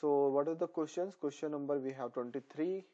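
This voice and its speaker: A man teaching a pediatrics lesson, repeating terms over and over for memorization, his voice a little hoarse. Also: fairly high pitch, fairly quick, warm tone. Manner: repetitive, drilling terms for memorization. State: voice slightly hoarse. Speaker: nursing exam tutor. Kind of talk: online lecture. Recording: dull lo-fi sound.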